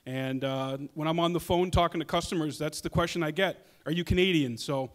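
A man's voice: fairly high pitch, fairly even intonation, fairly quick, big-room sound. A man telling stand-up stories about his family in a rambling, hesitant way. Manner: rambling, hesitant, with many restarts. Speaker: comedian. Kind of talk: stand-up comedy storytelling.

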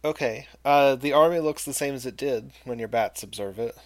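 A man running a tabletop game as game master, narrating in an unhurried, hesitant way. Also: mid-range voice, no room sound.

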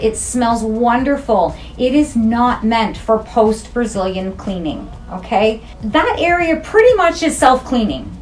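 Frank, chatty woman esthetician. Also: a little high. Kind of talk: casual interview.

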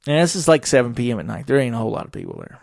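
A man's voice: mid-range voice, wildly swooping pitch, very fast, creaky, darkish tone, no echo, studio quality. A middle-aged man, hosting a podcast and telling wry, profane stories in a rambling way. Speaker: podcast host. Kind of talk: casual solo podcast monologue.

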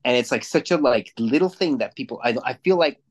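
A man's voice: mid-range voice, fairly quick. Blunt, swearing man coaching talk. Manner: blunt, profane, animated. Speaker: podcast co-host; jujitsu kids' class coach. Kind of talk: casual chat.

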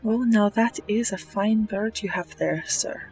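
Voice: mid-range voice, measured pace, darkish tone, soft background music, close to an everyday voice, rough recording. A player voicing a mild-mannered, folksy adventurer with old-fashioned phrasing. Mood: polite.

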